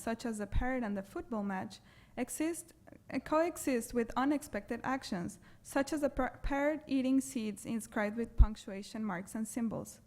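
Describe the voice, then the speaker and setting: A woman with a foreign accent delivers a prepared academic talk to a hall audience. Her voice sits a touch high, and she moves through each point in a measured, deliberate way. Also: darkish tone. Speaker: graduate symposium presenter. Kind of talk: read academic presentation. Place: lecture hall.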